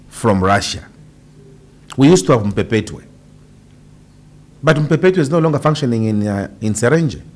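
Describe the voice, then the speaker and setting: A man's voice: medium pitch, darkish tone. A Zambian man, a politician, answering radio interview questions in an impassioned, emphatic way with rhetorical questions. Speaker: politician guest.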